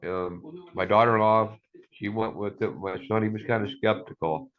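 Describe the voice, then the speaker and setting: A man's voice: lowish voice, moderate pace, lo-fi sound. A middle-aged man giving an emotional personal testimony, earnest and rambling, saying "man" often. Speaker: community member sharing a testimony.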